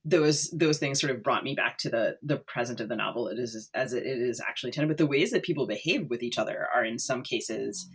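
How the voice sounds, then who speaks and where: A woman co-hosting a casual book discussion, speaking thoughtfully with frequent pauses and fillers. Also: a bass voice, breathy edge. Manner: thoughtful, hesitant, many fillers.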